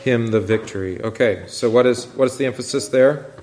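A man's voice: mid-range voice, brisk, darkish tone, a little hiss or hum. A man, a pastor, teaching a Bible study class in a conversational way and asking the group questions. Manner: conversational, asks questions, many restarts.

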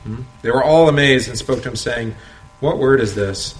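Man at mid pitch leading a casual Bible study, chuckles often, recorded in a roomy space. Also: moderate pace, soft background music. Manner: conversational, asks rhetorical questions, chuckles often. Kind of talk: informal Bible study teaching. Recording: roomy echo, faint background noise.

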